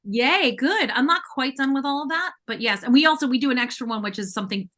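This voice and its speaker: A woman's voice: sits high, fast talker. A woman co-hosting a casual live chat, telling stories with lots of quoted asides. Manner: animated storytelling with quoted asides. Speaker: co-host.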